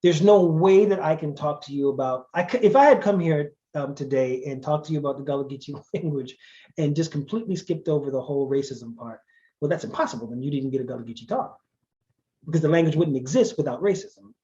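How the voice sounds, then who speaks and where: A man's voice: on the high side, fast talker, mellow, muffled recording. Emphatic man lecturing. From Charleston, South Carolina. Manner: emphatic, conversational, wry asides. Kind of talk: guest lecture.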